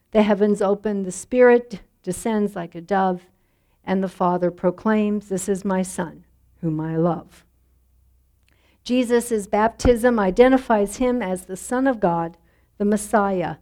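A woman pastor preaching a sermon in a measured, reflective way, letting line endings drop softly. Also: mid-range voice.

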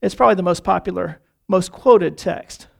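A man preaching a sermon, often calling the congregation folks and repeating key phrases, slowing down to stress them. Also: sits high, vocal fry. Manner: slows down on key phrases for emphasis.

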